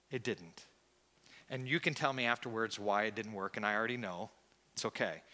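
A male pastor preaching a sermon, reflective and confessional, with hesitant pauses, in a church. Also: fairly low pitch, bright, forceful tone, in a large hall.

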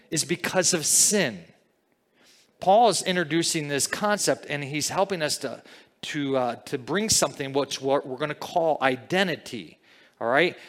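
Male pastor, unhurried sermon delivery, conversational teaching style, reverberant hall sound. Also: a little high, a bit bright. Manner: conversational teaching, frequent "okay?" and "all right?" check-ins.

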